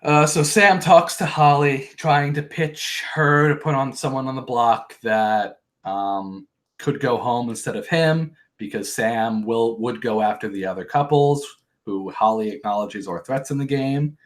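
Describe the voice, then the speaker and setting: A man hosts a podcast and casually recaps a reality show. He rambles, swears and throws in joking asides. His voice sits at a middle pitch. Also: a little slow. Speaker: podcast host.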